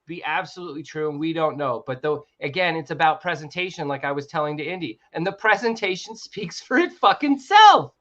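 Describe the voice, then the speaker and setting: A man's voice: fairly high pitch, expressive, fairly quick, few pauses, pushed and bright, lo-fi sound. A man hosting a casual live chat, loose and profane, often laughing.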